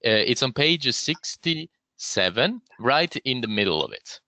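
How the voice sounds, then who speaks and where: A man's voice: medium pitch, sing-song, a little slow, pushed and bright, no echo. A man co-running a webinar, explaining a text with many "uh" fillers over a video call. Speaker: co-organiser. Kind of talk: academic webinar discussion. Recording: dry, dull video call audio.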